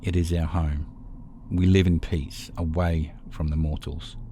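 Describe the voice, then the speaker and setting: A man voicing Zack, a calm and menacing old vampire leader, speaking solemnly and with command. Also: very deep voice, a little slow, a little hiss or hum.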